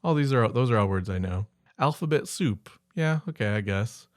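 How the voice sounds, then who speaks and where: A man's voice: mid-range voice, lively intonation, normal speed, no echo, studio quality. A man co-hosting a casual podcast, reading word lists aloud and musing about them with hesitant asides. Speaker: podcast co-host. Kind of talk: casual chat.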